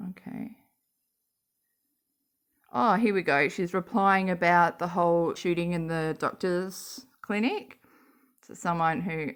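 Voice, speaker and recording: A woman with an Australian accent reading social media posts aloud and ranting about them in a sarcastic voice, swearing often. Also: fairly high pitch. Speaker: YouTube commentator.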